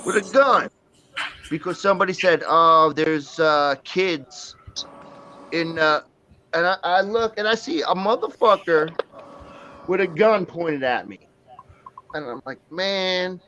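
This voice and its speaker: A man's voice: high-pitched, lively intonation, normal speed, pauses often, fairly bright tone, muffled recording, a little hiss or hum. A man hosting a livestream, telling rambling, profane stories in casual chat and laughing often. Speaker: livestream host.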